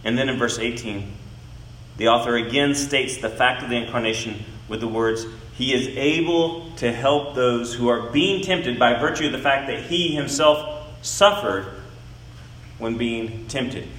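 A man giving an expository Bible teaching, speaking in a deliberate, emphatic way and leaning on key words. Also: medium pitch, a bit bright, roomy sound, a little hiss or hum, poor audio.

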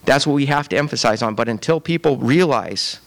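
Male pastor, conversational sermon delivery, repeats himself, average pitch. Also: animated, fairly quick, gravelly. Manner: conversational preaching, repeats words, often asks "right?".

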